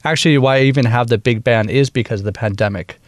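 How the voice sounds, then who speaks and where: A man in his thirties from Wisconsin with a Midwestern American accent, talking casually as a guest in a radio interview, relaxed and full of fillers. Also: medium pitch, quick pace, no echo. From Wisconsin, USA. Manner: relaxed, chatty, laughs easily, many fillers. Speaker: bandleader and woodwind player, guest.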